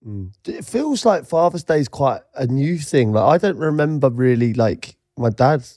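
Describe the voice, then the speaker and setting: A man's voice: medium pitch, very animated, moderate pace, darkish tone, dry recording, studio quality. A man co-hosting a casual podcast, joking around and laughing as he questions his co-host. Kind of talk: casual chat.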